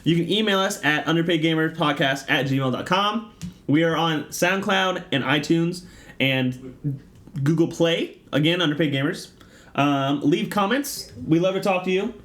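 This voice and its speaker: A man's voice: on the high side, normal speed, fairly bright tone. A man co-hosting a casual gaming podcast with dry, teasing banter. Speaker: podcast co-host. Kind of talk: casual chat.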